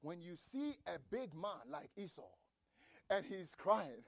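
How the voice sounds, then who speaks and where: A man delivering a sermon in a strikingly high voice with a gravelly edge, his scripture reading breaking into shouted, repeated lines. The sound is close and dry. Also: very animated, slow pace, dry recording. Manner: preaching with shouted emphasis and repeated phrases. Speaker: preacher.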